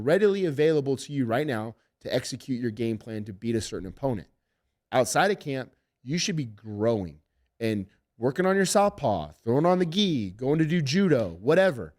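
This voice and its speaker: A middle-aged MMA head coach speaks in a medium-pitched voice at a normal speed, telling stories in a casual podcast setting. His delivery is lively and profane, packed with swearing.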